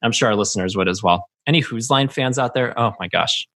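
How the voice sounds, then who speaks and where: A man's voice: on the low side, brisk, bright, forceful tone. Chatty laughing male podcast host. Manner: chatty, laughs often, rambling. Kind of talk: casual chat.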